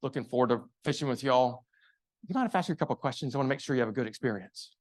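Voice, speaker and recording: A man's voice: mid-range voice, expressive, very fast, natural voice. A man playing a polite, attentive male fishing guide who asks friendly questions.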